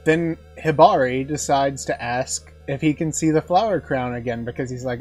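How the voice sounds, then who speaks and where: A man at a middle pitch talks through an anime episode in a loose, chatty recap. He chuckles often and slips into playful voices for quotes, with soft music under him. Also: moderate pace. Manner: excitable, chuckling fan talk with acted quotes. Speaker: anime reviewer.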